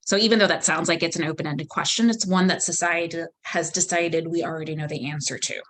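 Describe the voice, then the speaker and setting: A woman leading a volunteer training session, explaining calmly and acting out example phrasings. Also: low-pitched, quick pace, a little hiss or hum. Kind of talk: training lecture.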